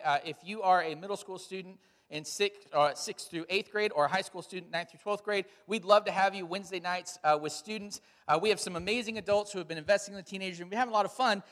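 A man's voice: high voice, a bit bright. A middle-aged man as pastor, giving church announcements and a sermon in a casual, storytelling way with frequent fillers. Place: large church hall. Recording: church hall with long reverb.

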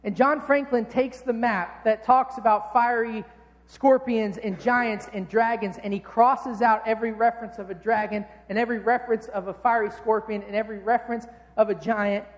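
A man's voice: sits high, steady tone, normal speed, long reverb tail. A man preaching a sermon in a casual, conversational, jokey way.

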